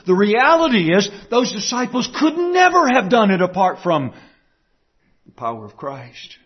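Male preacher, high husky voice, emphatic repetition, dull lo-fi sermon tape. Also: huge pitch swings, measured pace. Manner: emphatic, repeats key phrases and asks the listeners rhetorical questions.

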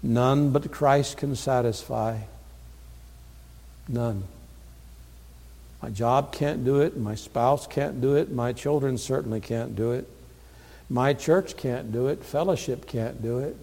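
A man preaching a sermon, earnest, moving from hushed, tender passages to loud, emphatic declarations. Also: medium pitch, slow pace, vocal fry, long pauses. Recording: long hall reverb.

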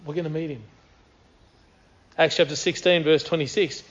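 A man's voice: fairly high pitch, fairly even intonation, moderate pace, lo-fi sound. A man preaching a sermon, reading scripture aloud and repeating key phrases with earnest emphasis.

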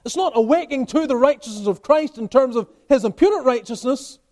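A man with a high-pitched speaking voice preaches in church. He delivers an expository sermon, building emphasis and then dropping to quieter stretches. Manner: emphatic preaching with rising and falling intensity. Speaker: pastor.

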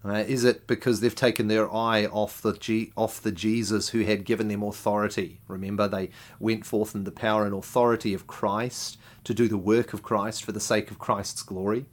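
A man's voice: on the low side, flat delivery, moderate pace, hardly any pauses. A man preaching a sermon, often putting rhetorical questions to the congregation.

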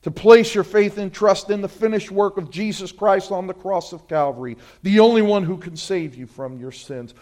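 A man preaching a sermon, swinging between loud emphatic appeals and quiet, dropped phrases, and urging his listeners directly. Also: high-pitched, normal speed, hardly any pauses. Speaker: pastor.

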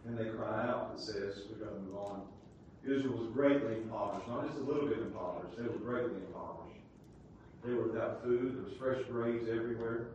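A man preaching a sermon with great passion, dropping to a hush and then climbing to a shout. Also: lowish voice, brisk, muffled recording. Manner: impassioned preaching that swings from hushed to shouting. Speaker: pastor. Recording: echoey hall, distant mic, faint hiss.

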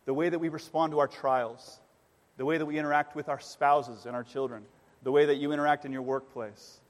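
A man's voice: fairly high pitch, steady tone, fairly quick. Earnest male pastor in a reverberant church. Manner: earnest, emphatic preaching with rhetorical questions. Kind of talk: sermon. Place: church sanctuary. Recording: long reverb of a church hall.

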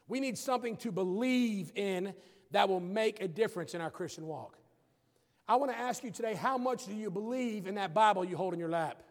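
High-voiced man preaching in an echoing hall. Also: darkish tone. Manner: preaching with rising emphatic outbursts. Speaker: pastor. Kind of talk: sermon.

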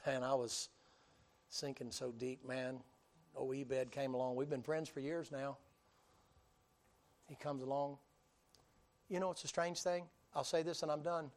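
Folksy preacher telling a story. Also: male voice, a little high, moderate pace. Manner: folksy, animated storytelling with acted-out voices and sudden loud bursts. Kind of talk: storytelling sermon.

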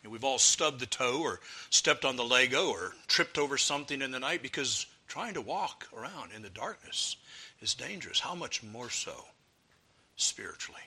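Bright-voiced male preacher with dramatic swings. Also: expressive, normal speed, husky. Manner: dramatic swings from loud exclamations to hushed low passages. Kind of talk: sermon.

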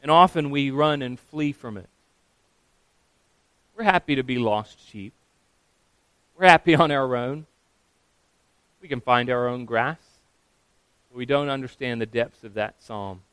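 A pastor giving a sermon, earnest and steady, sometimes acting out quoted voices. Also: male voice, mid-range voice, measured pace, pauses often, smooth, no room sound.

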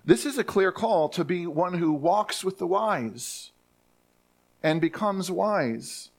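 A male pastor preaching to his church with a somewhat raised pitch. He speaks emphatically, restarts and repeats phrases, and slows down when reading scripture aloud. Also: lively intonation, gravelly. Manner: reads scripture aloud slowly. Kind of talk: sermon.

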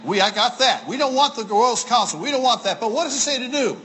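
Male preacher, folksy and playful, high bright voice, lively pitch, faint hiss behind. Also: quick pace, rough recording. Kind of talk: sermon to children and families.

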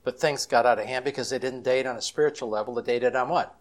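A man's voice: medium pitch, steady tone, fast talker. A man speaking as a Christian counselor at a conference, telling stories in a folksy, chatty way and acting out the quotes. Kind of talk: storytelling conference talk.

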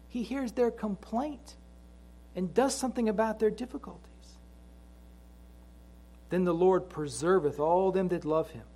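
A middle-aged man preaching a sermon to a congregation, mixing chatty family stories with slow, emphatic repeated lines from scripture. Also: sits high, a little mellow. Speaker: pastor.

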